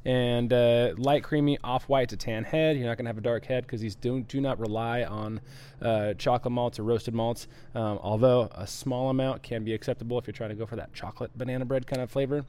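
A man's voice: mid-range voice, steady tone, fairly quick, dark tone, clear, resonant tone. A man co-hosting a live homebrewing stream, explaining in an easygoing way and reading out viewer comments. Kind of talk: casual live-stream chat.

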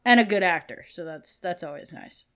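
A woman co-hosting a podcast, chatting casually about a TV show with lively opinions and plenty of fillers. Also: fairly low pitch, clear, resonant tone. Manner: animated, fillers, quick opinions, laughs often. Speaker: podcast co-host.

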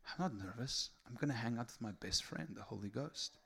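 A man's voice: medium pitch, animated, brisk, creaky, husky. A man preaching a sermon. He talks casually at first, then builds to fervent, raised delivery. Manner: conversational, builds to fervent shouting.

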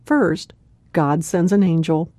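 A woman hosting a devotional radio program, telling a Bible story in a warm conversational way, with a laugh here and there. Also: fairly low pitch, steady tone, takes it slowly, no room sound.

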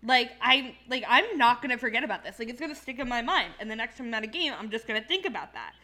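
A woman's voice: fairly high pitch, animated, fast talker, pushed and bright. A woman from Philadelphia hosting a casual podcast chat, ranting with heated profanity and many fillers. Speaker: podcast host.

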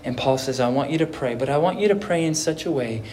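Brief: earnest male pastor, slow deliberate sermon, roomy echo with faint background noise. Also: medium pitch. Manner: earnest, swings from soft to emphatic. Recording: echoey room.

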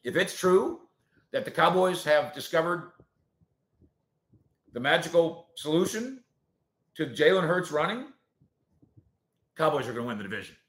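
A man hosting a sports talk show, answering viewer comments in an animated, sarcastic way that swings between loud points and quiet asides. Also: fairly high pitch, moderate pace, pauses often. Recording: roomy echo.

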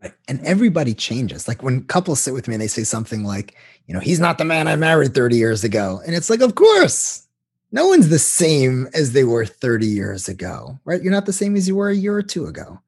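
A man who works as a couples therapist, explaining in an animated way during an interview. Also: mid-range voice, a little fast, slightly rough.

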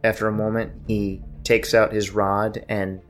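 A man narrating as game master of a tabletop game, describing scenes in a measured way. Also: on the low side, level tone, faint music behind.

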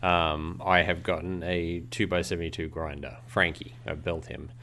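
Very deep-voiced man, faint hum. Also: normal speed. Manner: relaxed, dry joking, laughs often. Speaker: podcast co-host. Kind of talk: casual podcast chat.

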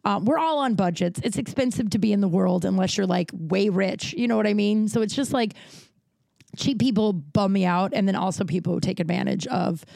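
Gravelly, dramatic woman comedian telling stories. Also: mid-range voice, brisk, dry recording, clean studio sound. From United States. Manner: dramatic, animated storyteller; swears freely, many fillers. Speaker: comedian and podcast host. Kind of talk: casual podcast storytelling.

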